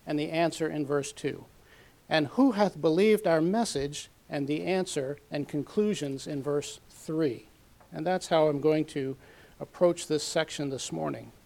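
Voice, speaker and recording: A man teaching a sermon from a Bible passage, measured and methodical, reading scripture aloud with emphasis. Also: on the high side, vocal fry, darkish tone. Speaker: preacher.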